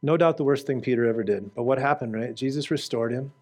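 A male preacher giving a fervent sermon to a congregation. He asks the audience direct questions and swings from shouting to quiet prayer. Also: mid-range voice, fast talker.

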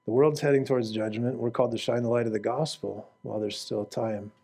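A male preacher delivers a fervent sermon, firing direct questions at the congregation and swinging between shouting and quiet prayer. His voice is medium-pitched with fairly even intonation, and he speaks briskly.

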